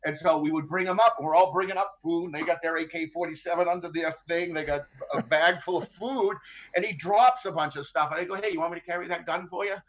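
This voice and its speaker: A brisk, fairly high-pitched man, a middle-aged ship captain, shares his hostage story with dry humor and a matter-of-fact attitude, full of fillers and restarts. The interview is conversational, with slight background noise and a dull lo-fi recording.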